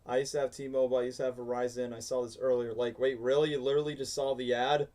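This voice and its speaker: A man's voice: mid-range voice, flat delivery, quick pace, darkish tone. Chatty man hosting a reaction stream. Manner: rambling, chatty, says bro and like often. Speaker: livestream host. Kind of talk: casual reaction stream chat.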